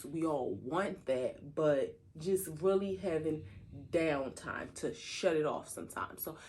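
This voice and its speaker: A woman's voice: sits low, lively intonation, slow, darkish tone. A woman co-hosting a podcast, chatting candidly with her husband and laughing often. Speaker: podcast co-host. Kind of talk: casual chat.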